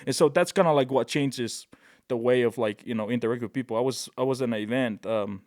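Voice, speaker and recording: Male guest from Tonga, mid-range voice, lively anecdotes, dry podcast mic. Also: mid-range voice, brisk, no room sound. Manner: animated, excitable, peppers speech with "right?" and "bro". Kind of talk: casual storytelling.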